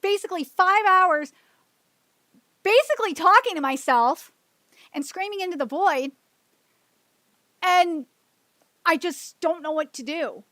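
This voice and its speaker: A woman's voice: very high voice, expressive, a little slow, pauses often, pushed and bright, dry recording. A woman streaming alone, venting emotionally and with frustration, repeating herself and swearing. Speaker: streamer hosting her own show. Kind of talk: solo livestream venting.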